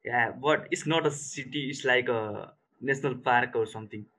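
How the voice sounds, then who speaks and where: A man from Nepal chatting as a workshop participant on a video call, earnest with halting phrasing. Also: medium pitch, pushed and bright, rough recording. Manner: earnest, non-fluent phrasing. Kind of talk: casual chat on a video call.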